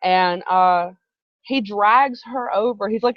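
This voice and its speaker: A woman's voice: lowish voice, moderate pace, no room sound. Chatty woman telling a story on a dull live stream. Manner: chatty, rambling storyteller who breaks off for asides. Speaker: host. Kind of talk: casual storytelling on a live broadcast.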